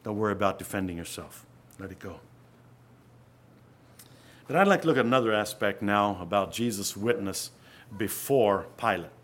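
A man preaching an earnest sermon, often dropping to a hush and then rising to loud emphasis. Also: lowish voice.

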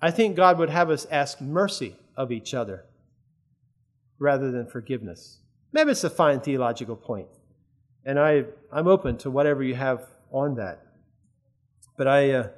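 A man's voice: mid-range voice, animated, moderate pace. A man preaching a sermon in an earnest, conversational way, often checking that his listeners follow.

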